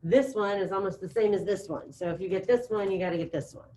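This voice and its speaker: A middle-aged woman teaching a high school Spanish class, leading drills in a chatty, encouraging way. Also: fast talker, mellow, slight background noise, poor audio. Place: classroom with students present and online.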